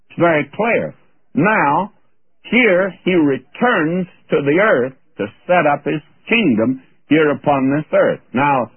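A man delivers a radio Bible teaching sermon in a husky, lively voice that rises and falls freely. His manner is folksy and anecdotal, with emphatic turns. The sound is dry and tinny, like an old radio broadcast. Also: medium pitch, dry recording. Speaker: preacher.

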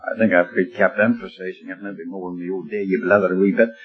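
A man's voice: deep voice, steady tone, fast, breathy edge, soft background music. An older man preaching a sermon, earnest and exhorting, telling homely stories to press his point. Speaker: lay preacher. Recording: dull lo-fi old tape recording.

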